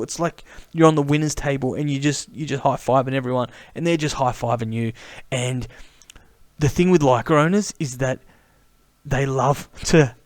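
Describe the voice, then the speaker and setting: A man's voice: mid-range voice, no room sound. Chatty man, dry close sound. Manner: chatty, animated, says mate a lot. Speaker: camera vlogger. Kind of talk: casual enthusiastic monologue.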